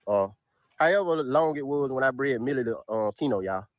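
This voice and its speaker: A man, casually pitching his dogs for sale to viewers outdoors in his yard, peppering his talk with "y'all". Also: lively intonation, a little fast, no room sound. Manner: drawls "y'all" constantly, Southern US dialect. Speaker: dog breeder selling dogs.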